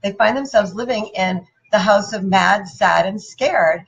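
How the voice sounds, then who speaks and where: A woman giving a playful, animated motivational talk and putting questions to her audience. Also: medium pitch, measured pace, gravelly, muffled recording. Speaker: motivational speaker.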